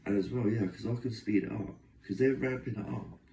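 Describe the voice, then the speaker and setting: A man's voice: fairly low pitch, a little fast, gravelly, dark tone, distant mic, a little hiss or hum. A young man talking to camera in a long, agitated, aggrieved monologue that runs on from one complaint to the next. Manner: aggrieved, agitated, run-on storytelling. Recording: echoey room, voice away from mic.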